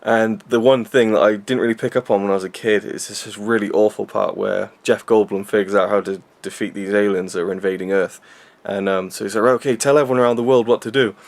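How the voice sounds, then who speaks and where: A man's voice: fairly low pitch, fairly even intonation, quick pace, gravelly, few pauses. A young man reviewing a film in a rambling, self-deprecating casual chat with lots of fillers.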